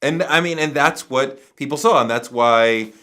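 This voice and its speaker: A man's voice: mid-range voice, normal speed, bright, forceful tone. A man being interviewed who tells a story emphatically, acting out other people's lines and swearing casually. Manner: acts out quoted voices, emphatic, swears casually. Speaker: interview guest.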